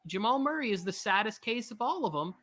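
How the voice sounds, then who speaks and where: Bright-voiced man riffing on a live game. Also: high-pitched, sing-song. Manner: rambling, quick asides, self-mocking. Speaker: co-host of a sports watch party. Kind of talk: casual live game commentary.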